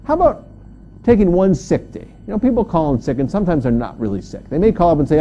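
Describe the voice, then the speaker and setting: A man giving a humorous motivational talk, telling stories and jumping high on punchlines. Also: quick pace, a little hiss or hum. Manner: animated storyteller, jumps high on punchlines. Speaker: motivational speaker.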